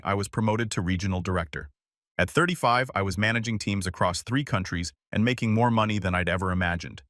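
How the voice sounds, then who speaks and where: Low-voiced calm male storyteller. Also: dry recording, clean studio sound. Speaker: story narrator. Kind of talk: scripted first-person story narration.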